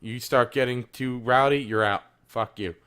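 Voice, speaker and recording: A man co-hosting a casual gaming podcast, swearing a lot and swinging between loud outbursts and low muttering. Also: fairly even intonation, moderate pace, a crowd in the background. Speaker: podcast co-host. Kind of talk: casual chat.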